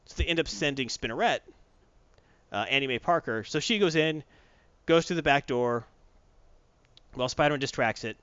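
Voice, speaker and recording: A man's voice: medium pitch, animated, moderate pace, pauses often, fairly bright tone, clean tone, dry recording, dull audio. A man in casual chat, recapping a comic book plot with mocking put-on voices for the characters. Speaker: comic book podcast co-host.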